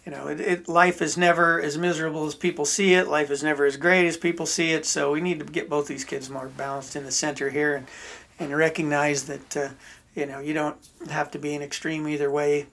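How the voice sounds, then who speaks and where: A man playing a measured male psychologist. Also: mid-range voice, little pitch movement, gravelly, fairly bright tone. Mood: advising. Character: calm male psychologist giving advice.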